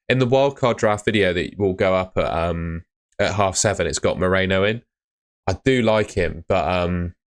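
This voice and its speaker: A young man hosting a live fantasy football stream, chatting casually and answering comments. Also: deep voice. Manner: casual, chatty, uses mate and fillers.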